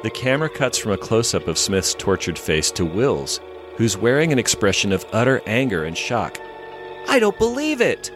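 A man narrates an episode recap with dramatic storytelling flair and acts out the dialogue. His voice sits low and moves through a wide, lively melody. Music plays underneath. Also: moderate pace. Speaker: podcast co-host.

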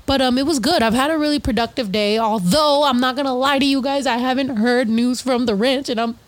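High-voiced chatty woman hosting a podcast. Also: a little fast, no echo. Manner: animated, chatty, jokes and swears freely. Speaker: podcast host and rapper. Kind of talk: casual live podcast chat. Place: indoors, home studio.

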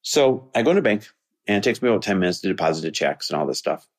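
A man's voice: big pitch swings, fast. Earnest man telling a story. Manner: earnest, rising to an impassioned pitch when making his point. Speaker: podcast host. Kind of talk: storytelling monologue.

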